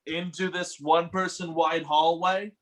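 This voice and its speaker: A man's voice: on the high side, little pitch movement, rough recording. A man narrating a tabletop game as game master, in a casual, laughing way. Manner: casual, laughing narration with quick voiced asides.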